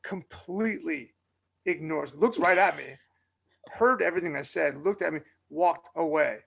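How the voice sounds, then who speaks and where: Chatty man, gravelly voice. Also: on the high side, normal speed. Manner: animated, chatty storyteller with many fillers. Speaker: podcast co-host. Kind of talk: casual storytelling chat.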